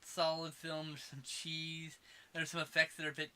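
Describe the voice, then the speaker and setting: A man co-hosting a podcast, chatting casually about a movie, excitable and quick to swear and laugh. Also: fairly high pitch, smooth. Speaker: podcast co-host. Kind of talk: casual movie review chat.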